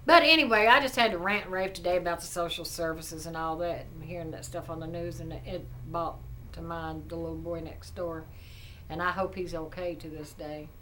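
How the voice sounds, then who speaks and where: A woman's voice: on the low side, steady tone, a little fast, bright, forceful tone, a little hiss or hum, rough recording. A middle-aged woman, telling a neighbor story in a chatty, indignant vlog rant. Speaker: vlogger.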